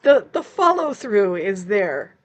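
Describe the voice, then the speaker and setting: A woman's voice: medium pitch, takes it slowly, dry recording. Chatty woman co-hosting a live stream. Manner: relaxed, chatty, laughs often. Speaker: co-host. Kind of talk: casual live-stream chat.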